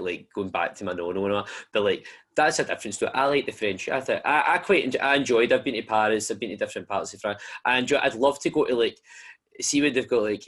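A Scottish man hosting a casual podcast, excitable and jokey, with sweary banter. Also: lowish voice. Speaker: podcast host.

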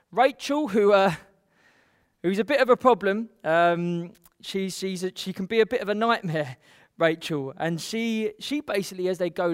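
A man's voice: high voice, no echo, clean studio sound. A man casually retelling a Bible story as a teacher, chatty, with fillers, acting out what the people say.

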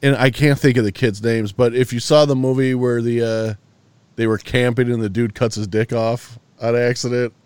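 A man's voice: mid-range voice, flat delivery, normal speed, a little mellow, smooth, dry recording. A man co-hosting a podcast, telling a long story in casual chat, loose and profane with lots of restarts, sounding tired. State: yawning, tired. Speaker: podcast co-host.

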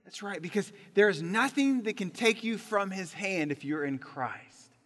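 A man preaching a sermon as pastor, leading the congregation in call-and-response, swinging between loud emphatic peaks and quiet low drops. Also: lively intonation, normal speed. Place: church sanctuary. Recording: long hall reverb.

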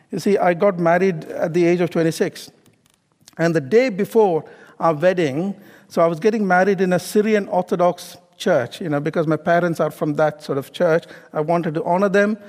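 A man's voice: high-pitched, a little mellow, in a large hall. A middle-aged man preaching a sermon in a conversational way, often asking the congregation questions and adding "okay?" and "you know". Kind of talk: sermon with personal story.

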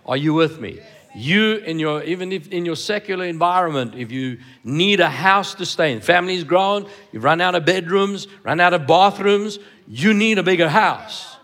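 A male pastor preaching with a fairly high, lively voice that rises and falls a lot. He stresses words by repeating them and keeps turning to the congregation with questions. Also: moderate pace. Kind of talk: sermon. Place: church hall.

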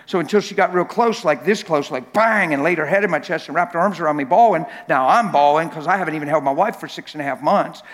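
A man preaching a sermon with emphatic repetition, joking with the congregation and building to shouts. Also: on the high side, quick pace, few pauses. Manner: emphatic, repeats words for effect, rises to shouting at climaxes; jokes with the crowd. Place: church hall. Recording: long reverb in a big church hall.

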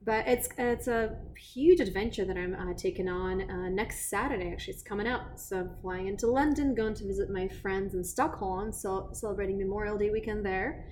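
A woman's voice: medium pitch, a little mellow, a little hiss or hum. A woman guest chatting casually and cheerfully, with many fillers. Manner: upbeat, quick to laugh, uses many fillers. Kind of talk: casual chat.

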